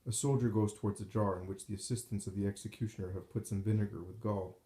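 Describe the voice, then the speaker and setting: A man reading a devotional text aloud in a slow, solemn, measured way, recorded in a roomy space with echo. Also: lowish voice, fairly even intonation, warm tone. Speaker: narrator.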